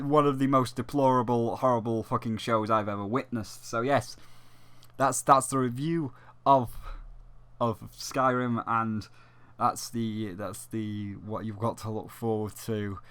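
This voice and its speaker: A man's voice: mid-range voice, steady tone, moderate pace, a bit bright. A man hosting his own game review video, talking in a rambling, ranty way with lots of swearing and restarts. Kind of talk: casual ranting video review.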